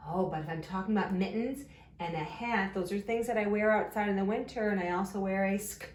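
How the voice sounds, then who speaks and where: A woman's voice: mid-range voice, roomy sound, a little hiss or hum. A woman teaching a remote phonics lesson to young children, talking in a sing-song way and stretching her questions upward. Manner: slow, sing-song, exaggerated question intonation. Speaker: elementary school teacher.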